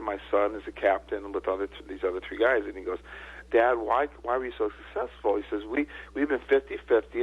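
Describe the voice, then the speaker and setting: Husky older man on a phone line. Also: lowish voice. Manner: emotional, earnest storyteller. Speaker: guest speaker. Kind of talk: storytelling in a radio interview.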